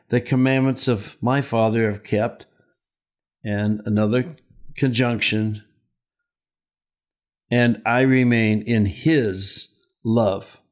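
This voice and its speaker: An older man gives a Greek grammar lesson at an unhurried, measured pace. His voice sits at an ordinary middle pitch. He walks through each point patiently and poses questions to his students as he goes. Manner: explains step by step, asking rhetorical questions. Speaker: Greek teacher. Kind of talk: slow, deliberate Greek lesson.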